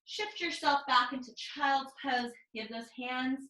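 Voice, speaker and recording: A woman teaching a live online mat pilates class, calmly cueing each move and breath over a video call. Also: high voice, measured pace, echoey room, low-quality recording. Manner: calm step-by-step cueing with breath counts. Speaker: pilates instructor.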